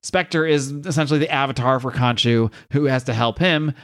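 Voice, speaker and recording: A man's voice: mid-range voice, fairly even intonation, moderate pace. A man hosting a podcast, giving an enthusiastic, chatty comic book recap and reading the dialogue aloud.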